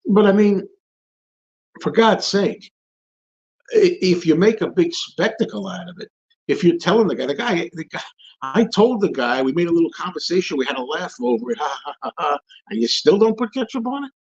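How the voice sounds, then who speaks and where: A man's voice: high-pitched, moderate pace, husky. Guy ranting on his stream, voice jumping all over, kinda muffled lo-fi audio. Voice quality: repeats and restarts phrases, animated storyteller. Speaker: livestream host answering viewer questions. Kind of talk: casual rambling chat and rant.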